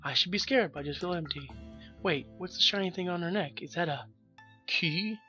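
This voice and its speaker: A young man rambles through a let's play, sarcastic and quick to swear. His voice is bright and sharp, and the recording sounds dull and muffled. Faint game music runs underneath. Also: sits high. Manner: joking, swears often, rambling. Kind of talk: profane sarcastic game commentary.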